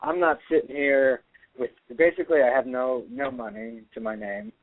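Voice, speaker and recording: A middle-aged actor and filmmaker, talking earnestly as a guest in a radio interview, rambling with many restarts. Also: male voice, medium pitch, moderate pace, dry recording. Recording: tinny dry phone line.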